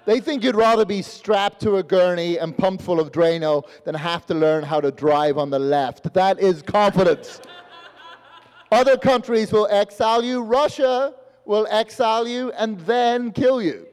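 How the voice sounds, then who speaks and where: A man's voice: high voice, a little slow, a little mellow, clear, resonant tone, in a large hall. A man with a mixed Northern Irish and London accent doing a stand-up set on a live stage, acting out voices and swearing freely. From born in Australia, raised in Northern Ireland. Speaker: stand-up comedian. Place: live comedy venue with audience.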